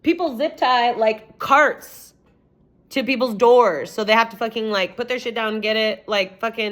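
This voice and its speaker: A woman's voice: a little high, normal speed, fairly bright tone. A young woman vlogger telling a personal story in a rambling, casual way, swearing often and saying "like" a lot.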